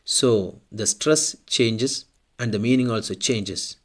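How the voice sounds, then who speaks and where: Slow, deliberate male language teacher. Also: on the low side. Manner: slow, deliberate, repeats example words twice. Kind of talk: slow explanatory language lesson.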